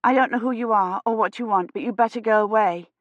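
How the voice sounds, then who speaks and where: A woman's voice: a little high, fast talker, dry recording, highs cut off, pitched above the performer's own voice, lightly acted. A woman reading an audiobook, voicing a frightened young woman time traveler who talks in an urgent, breathless way.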